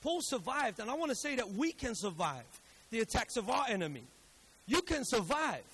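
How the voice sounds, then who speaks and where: A man with a very high voice preaches a sermon with a husky edge. He moves between hushed storytelling and loud, emphatic calls, repeating phrases for emphasis. His delivery builds and falls in waves.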